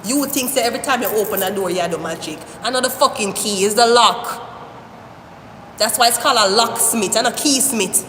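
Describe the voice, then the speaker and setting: A woman giving a live-stream tarot reading, talking straight to the viewer in an animated, rambling way, often cursing. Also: a little high, fairly quick. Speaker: tarot reader. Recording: echoey room with long reverb, faint hiss.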